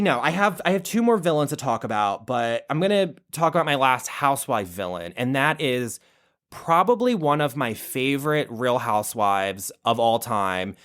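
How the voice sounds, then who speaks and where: A man hosting a podcast, gushing in a casual, profane monologue about his favourite reality stars. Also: mid-range voice. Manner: animated, profane, gushing fan talk. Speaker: podcast host.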